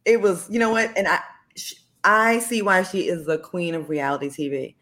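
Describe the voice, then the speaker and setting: A woman's voice: fairly low pitch, steady tone, normal speed, a bit bright. A woman guest on a call-in show, telling stories candidly and laughing often. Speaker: guest, former reality TV cast member. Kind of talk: casual interview chat.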